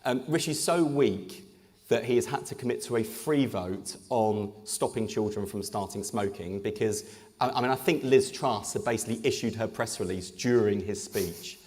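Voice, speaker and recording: A man's voice: on the low side, moderate pace, a little mellow. A man, an English politician, speaking in a live on-stage conversation with punchy, joking delivery. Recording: echoey hall with long reverb.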